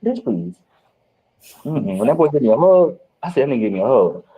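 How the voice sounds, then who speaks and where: Man, husky voice, fast talker, animated profane storytelling, candid casual chat. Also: medium pitch, poor audio. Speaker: reality show cast member.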